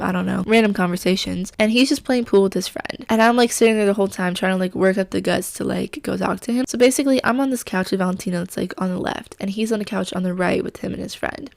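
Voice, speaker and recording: Chatty young woman with a gravelly voice. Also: medium pitch, darkish tone, no echo. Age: young adult. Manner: chatty, lots of fillers, acts out quotes. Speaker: vlogger. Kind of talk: casual storytelling.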